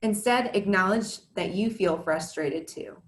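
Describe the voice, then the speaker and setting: Speaking a little slowly in a mid-range voice, this thirtysomething woman addresses parents from a roomy-sounding space. She used to teach and has children of her own, and her talk is earnest and scripted, broken by frank asides.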